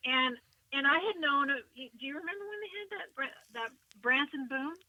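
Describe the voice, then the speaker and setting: A woman singer, a guest on an interview show, chatting and telling a lively story with frequent laughter. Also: high-pitched, normal speed, dry recording, low-quality recording. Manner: animated, chatty, laughs often.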